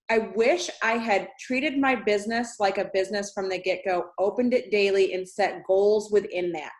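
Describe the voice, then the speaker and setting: An excited woman from upstate New York shares business advice in a casual group video chat. She sounds upbeat and encouraging. Her voice sits in a middle range. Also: medium pitch. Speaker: sales consultant, host.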